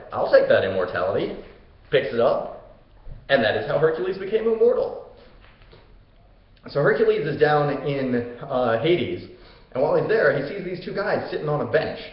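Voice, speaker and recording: A young man hosting a comedic, casual retelling of an old myth in a slangy, joking way. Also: a little high. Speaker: host. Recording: echoey room, dull lo-fi sound.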